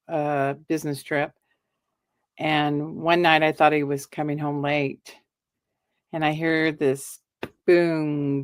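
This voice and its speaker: A woman's voice: deep voice, no echo, studio quality. Middle-aged woman telling a ghost story. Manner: animated, acts out quoted lines. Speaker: guest storyteller.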